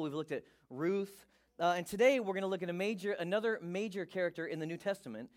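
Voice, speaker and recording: A male pastor with a high-pitched voice gives a lively sermon, reading scripture and joking around with the congregation.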